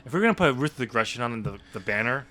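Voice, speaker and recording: Man co-host, dry humor, bright clear tone, casual podcast chat. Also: mid-range voice, lively intonation, racing. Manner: dry, laughs often, steers the talk.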